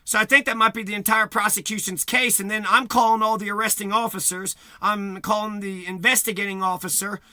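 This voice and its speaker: A man's voice: high voice, little pitch movement, fairly quick, few pauses, sharp tone, no room sound, clean studio sound. A man delivering a profane, agitated rant to camera, repeating himself and swearing heavily. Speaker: vlogger.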